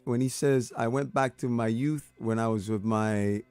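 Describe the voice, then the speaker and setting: A man's voice: medium pitch, moderate pace, music in the background. Reflective male host. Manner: reflective, explains, switches into Spanish. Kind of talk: interview commentary.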